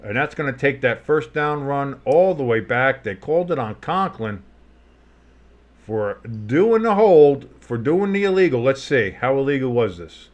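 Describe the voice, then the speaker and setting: A man with a deep, bassy voice doing casual, joking play-by-play commentary of a game, swinging from murmured asides to loud outbursts. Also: expressive, measured pace, lo-fi sound. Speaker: play-by-play host.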